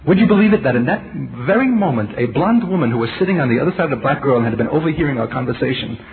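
A middle-aged man preaching a sermon, emphatic and intense, dropping to a hush and rising again, with rhetorical questions to the congregation. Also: mid-range voice, expressive, very fast. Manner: intense, emphatic, swings between loud and hushed. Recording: tinny lo-fi tape with faint hiss.

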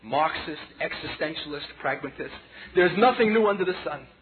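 A man in his forties preaching a personal testimony sermon, impassioned and dramatic, swinging between hushed passages and loud outbursts. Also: fairly high pitch, lively intonation, moderate pace. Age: 40s. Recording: tinny lo-fi sermon tape with audience noise.

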